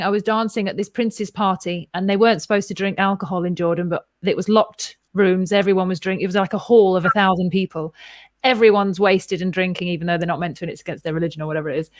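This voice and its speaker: A woman in casual podcast chat, telling a story with energy and switching into quick voices for the people she quotes. Her pitch sits in a middle range for a woman. The recording is close and dry, with almost no room sound. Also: dry recording. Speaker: podcast co-host.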